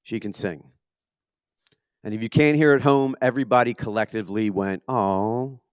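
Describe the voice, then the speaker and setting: This stand-up comic is a man in his thirties with a Philadelphia accent, performing at a comedy venue for a live audience. His voice is medium-pitched and smooth at a normal speed, captured with clean studio sound and no room noise. The set is profane and self-deprecating, delivered punchily with plenty of swearing.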